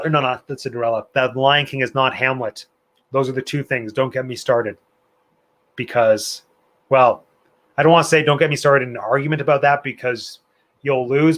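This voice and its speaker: A man's voice: mid-range voice, fairly bright tone. A man hosting a live online trivia night, reading out questions and answers in a chatty, playful way with opinionated asides. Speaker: trivia host.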